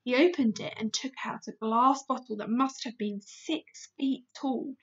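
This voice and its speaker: A woman teacher reading a children's book aloud, slow and expressive. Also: fairly high pitch, husky, muffled recording. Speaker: primary school teacher.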